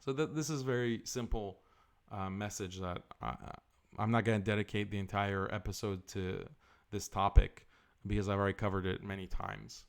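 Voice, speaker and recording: A man hosting a live stream and giving forceful commentary, often repeating his points for emphasis. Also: fairly low pitch, steady tone, moderate pace, vocal fry, smooth. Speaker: host.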